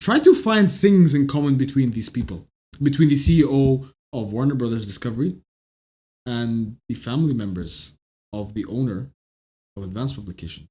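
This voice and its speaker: A man hosting a self-improvement channel, delivering a blunt, profane, opinionated monologue that rises to shouts when heated. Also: mid-range voice, expressive, normal speed. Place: Canada.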